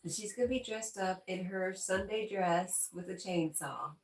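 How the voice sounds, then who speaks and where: A woman's voice: mid-range voice, unhurried. A woman hosting a livestream, casually chatting with viewers and giggling often. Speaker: livestream host reading viewer chat. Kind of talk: casual live chat. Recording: roomy echo, distant from the mic.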